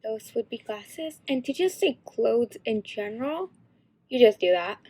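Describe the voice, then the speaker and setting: A teenage girl explaining signs in a casual, halting tutorial. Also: a little high, expressive, mellow. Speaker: sign language instructor.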